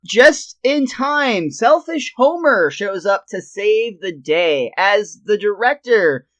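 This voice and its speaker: A man's voice: sits high, expressive, slow pace, fairly bright tone. A man co-hosting a podcast, retelling a cartoon episode scene by scene in casual chat and laughing often. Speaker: podcast co-host.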